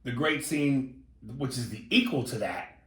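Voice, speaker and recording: A man co-hosting a podcast in casual chat, a few drinks in, animated and swinging between low mumbles and excited outbursts. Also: measured pace. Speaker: podcast co-host. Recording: roomy echo.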